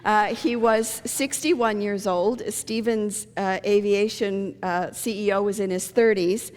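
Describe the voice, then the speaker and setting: Speaking slowly in a mid-range, slightly mellow voice with a steady tone, a middle-aged woman pastor preaches in a church sanctuary. Her sermon mixes storytelling with jokes, heard through long church reverb.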